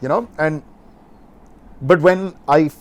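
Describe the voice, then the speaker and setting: A man, a podcast guest telling an animated story, laughing often and swearing casually. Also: on the high side, slow.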